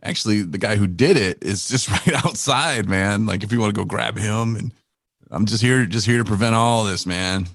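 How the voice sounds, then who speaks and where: A man's voice: on the low side, normal speed, fairly bright tone, no room sound, clean studio sound. A man co-hosting a podcast in casual banter, joking and riffing on absurd scenarios. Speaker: podcast co-host.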